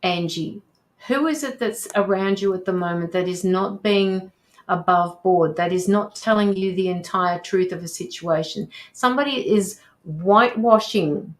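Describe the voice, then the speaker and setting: A woman runs a live tarot reading on a stream, reading viewers' comments aloud and reassuring the sitter, with lots of ums and restarts. Her voice is mid-range and her speed normal.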